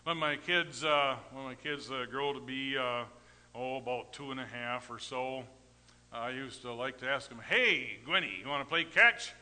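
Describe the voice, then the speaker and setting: Forceful, bright-voiced preacher man in a reverberant hall. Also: medium pitch, little pitch movement, moderate pace, clean tone. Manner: folksy, rambling anecdotes with tag questions; big swings between loud emphasis and quiet asides. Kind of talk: storytelling sermon.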